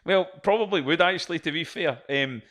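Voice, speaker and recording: A man's voice: on the high side, fairly quick, fairly bright tone. A man hosting a casual interview, joking and teasing his guest. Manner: joking, teasing, plugs sponsors.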